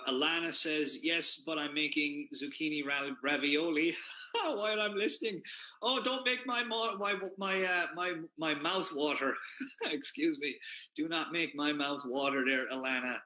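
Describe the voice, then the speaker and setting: Man, livestream host, very bright tone, chatty and rambling, echoey room. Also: medium pitch. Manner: chatty, many fillers and restarts, chuckles often. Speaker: host of a keto diet group livestream. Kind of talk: casual livestream Q&A reading comments.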